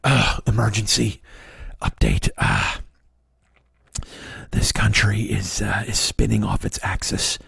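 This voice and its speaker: A self-important documentary maker delivers a grim bulletin in a low, hushed, slow voice, pausing heavily between phrases, as a male comedian puts him on. The tone is gravelly and a little husky. It is mock-serious from start to finish. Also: sing-song, no echo, exaggerated voice. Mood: mock-somber.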